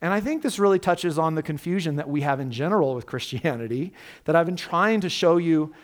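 A male pastor preaching a sermon in an animated, conversational way, full of rhetorical questions. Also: on the high side, a little fast, long reverb tail.

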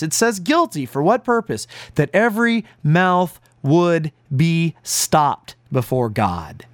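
A man's voice: fairly high pitch, no room sound. A man preaching an earnest, emphatic sermon as pastor. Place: broadcast to listeners at home and on the road.

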